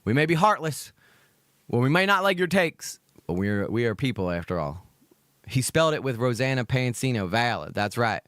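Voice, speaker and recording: A man from Georgia in the US, filling in as host of a live reaction stream, talking in a profane rant that swings to loud outbursts. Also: mid-range voice, very animated, normal speed, no room sound, clean studio sound. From Georgia, USA.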